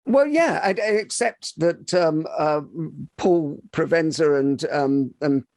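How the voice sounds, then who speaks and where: A man's voice: a little high, takes it slowly, a little mellow, no room sound, clean studio sound. A man hosting a podcast interview, asking long questions with many fillers. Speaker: podcast host.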